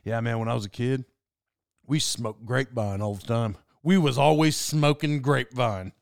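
A gravelly, deep-voiced older small-town man, as a man imitates him drawls through old memories. The voice sits well below the speaker's own. It is dry and close. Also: normal speed, no echo, natural voice. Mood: reminiscing. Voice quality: rough, gravelly.

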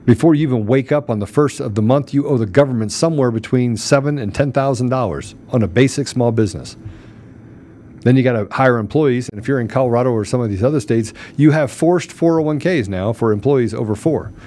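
A man's voice: medium pitch, fairly quick, dark tone. Angry ranting male podcast host. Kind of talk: heated political commentary.

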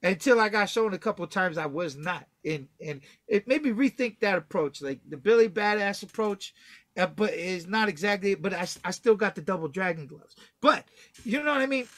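A man's voice: high-pitched, expressive, brisk, a bit bright, dry recording. A young Southern man from Texas telling a long, loose story full of swearing, acting out the other people's lines as he goes. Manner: loose, swearing, acts out quotes. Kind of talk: casual profane storytelling.

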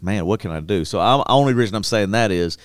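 A man's voice: fairly low pitch, animated, fast, no echo. A man who is a pastor and podcast host, chatting casually in a joking, teasing way.

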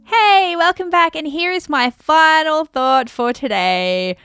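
A woman hosting her own podcast, coaching listeners on money and pricing in an upbeat, animated way and often acting out calm replies. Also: high voice, slow, no room sound, clean studio sound, faint music behind. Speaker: podcast host and business coach. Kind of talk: motivational solo podcast talk.

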